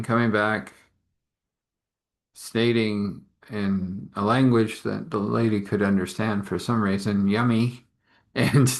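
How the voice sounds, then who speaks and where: A man narrating an improvised story in a casual, rambling way, full of chatty asides. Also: mid-range voice.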